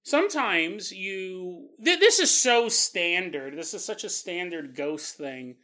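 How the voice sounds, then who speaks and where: A man hosting a podcast, telling a story in a casual, animated way, laughing often and acting out quotes. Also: high voice, takes it slowly. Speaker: podcast host.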